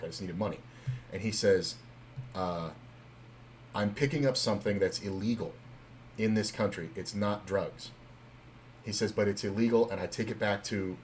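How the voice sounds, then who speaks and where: A man's voice: low voice, darkish tone, slight background noise. A young man streaming live, chatting casually and telling stories in a loose, rambling way full of fillers and swearing.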